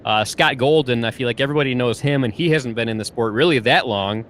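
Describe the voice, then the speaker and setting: A podcast host from Michigan chats eagerly with his guest in a casual interview, laughing often and using many fillers. His mid-range voice is fast and a bit bright, with slight background noise.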